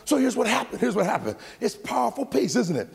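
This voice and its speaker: A pastor preaching a sermon to his church, moving from loud shouted lines to quiet aside remarks. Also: very high voice, very animated, quick pace, creaky, slightly rough, in a large hall.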